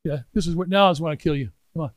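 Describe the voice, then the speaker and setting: A man in his sixties telling a personal story in a sermon, swinging from hushed asides to loud exclaiming. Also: on the high side, very fast, no room sound. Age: 60s. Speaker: pastor.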